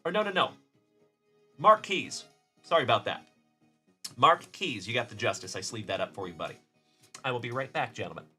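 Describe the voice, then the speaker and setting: A man's voice: mid-range voice, big pitch swings, moderate pace, pauses often, bright, forceful tone, slightly rough, faint music behind. A middle-aged man from South Texas hosting a casual card-breaking livestream, chatty and upbeat, greeting viewers by name.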